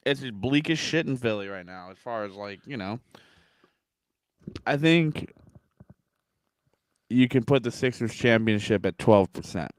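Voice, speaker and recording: A man with an average male pitch co-hosting a sports podcast. He sounds gloomy and curses casually, hedging with fillers as he goes. The recording is dry and close. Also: animated, unhurried, pauses often, dry recording. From Philadelphia area. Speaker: podcast co-host.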